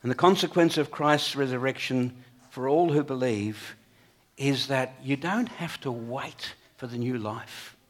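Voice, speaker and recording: A man preaching a sermon in an earnest way, swinging between emphatic peaks and quiet, low passages. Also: unhurried.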